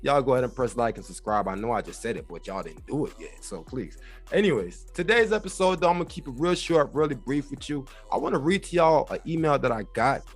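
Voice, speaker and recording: A man hosting his own vlog, talking casually and jokingly to viewers. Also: medium pitch. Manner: joking, playful, repeats "you feel me"; uses African American English ("y'all", "ain't"). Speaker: show host. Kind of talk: casual direct-to-camera vlog.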